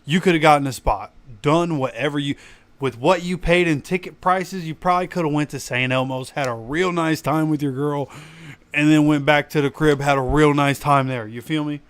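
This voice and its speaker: A fan channel host, his voice still coming back after he lost it, delivers a casual, animated livestream rant aimed straight at his audience. He speaks at a moderate pace in a fairly high, clean voice, with no room sound.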